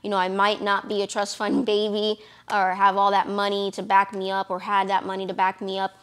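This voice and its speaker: A woman's voice: medium pitch, completely flat delivery, fairly quick, a bit bright, clear, resonant tone. A young woman from Florida, a lash business owner, talking casually and encouragingly to camera with lots of fillers. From Florida, USA. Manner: chatty, encouraging, many fillers.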